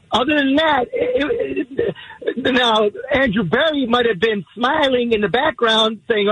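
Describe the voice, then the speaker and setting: A man's voice: very high voice, measured pace, fairly bright tone, husky, rough recording. A man calling in to a sports radio show from his car, indignant and stammering through restarts. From Cleveland area, USA. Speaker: caller. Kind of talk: call-in sports radio rant. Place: in a car, driving.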